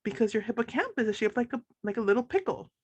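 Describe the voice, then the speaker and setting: A woman voicing a gentle, motherly hippocampus character in a storybook who calls the girl dear. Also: on the high side, big pitch swings, fast talker, husky, no echo. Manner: soft, fond, calls everyone dear. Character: kind motherly female hippocampus, gentle and a bit scatterbrained.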